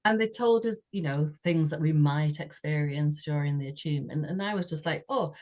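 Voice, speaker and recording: A woman's voice: deep voice, moderate pace, a little mellow. A woman, a podcast co-host telling a personal story in a chatty way, often laughing and saying "you know". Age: 60s.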